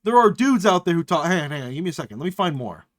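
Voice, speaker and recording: A streamer giving live reaction commentary, swearing casually and breaking into exasperated, high-pitched rants. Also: very animated, very fast, no room sound, studio quality.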